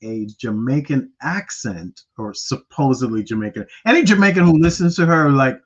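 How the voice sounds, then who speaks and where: A man's voice: medium pitch, expressive, normal speed, dull audio. A man hosting a podcast in a playful, rambling chat, often repeating himself. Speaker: podcast host. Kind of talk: casual chat.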